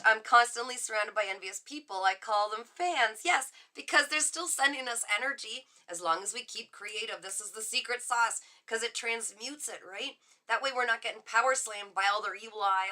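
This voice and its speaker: Excitable chatty woman, bright voice. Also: mid-range voice. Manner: chatty and excitable, reading out viewer comments. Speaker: psychic reader on a live stream. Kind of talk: casual live tarot chat.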